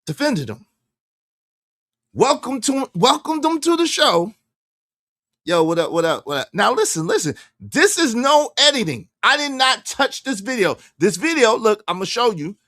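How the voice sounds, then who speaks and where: A man hosting a casual livestream from his car, animated and repetitive, shouting out his viewers. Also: high voice, normal speed, hardly any pauses, dry recording. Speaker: livestream host.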